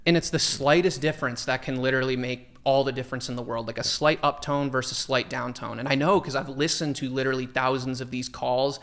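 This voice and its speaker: A man giving sales advice in a conversational podcast, animated and acting out sample sales lines. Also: medium pitch, a little fast, few pauses. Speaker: sales trainer guest.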